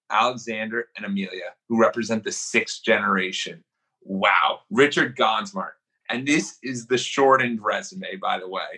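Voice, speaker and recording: Podcast host guy, bright kinda husky voice, upbeat and eager, asks lots of questions. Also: lowish voice, poor audio. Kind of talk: casual interview.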